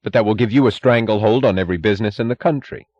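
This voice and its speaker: A man's voice: on the low side, racing, a little mellow, no echo, muffled recording, pitched above the performer's own voice, natural voice. A man reading an audiobook, voicing a frightened, blustering industrialist who protests shrilly. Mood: indignant.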